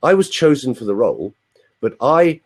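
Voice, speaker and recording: Heard through a live video chat room, a voice coach from London in his sixties tells playful, chatty stories as an interview guest, adding asides for his audience. He has a medium-pitched, sing-song voice with a breathy edge, an English accent, and a normal speaking speed.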